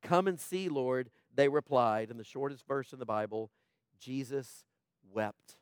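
A man preaching a sermon to a congregation, asking rhetorical questions and moving between hushed, quiet passages and loud, fervent ones. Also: mid-range voice, expressive, normal speed, smooth, no room sound, clean studio sound. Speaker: pastor.

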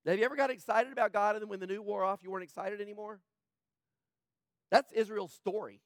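A man preaching a sermon, animated, with stammered restarts and sudden drops to a low, quiet delivery. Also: quick pace, no room sound, studio quality. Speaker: pastor.

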